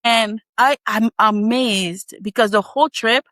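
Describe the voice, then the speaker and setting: A woman guest on a podcast, telling a personal story in a casual, animated way with frequent laughs and quick asides. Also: a little high, no room sound.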